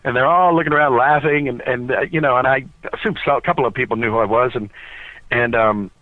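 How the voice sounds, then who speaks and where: A man telling a lively personal anecdote in a casual chat, often pausing with "uh". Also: medium pitch, dry recording. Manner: animated storyteller, frequent "uh" fillers. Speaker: podcast guest. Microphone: cell phone. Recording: tinny phone line.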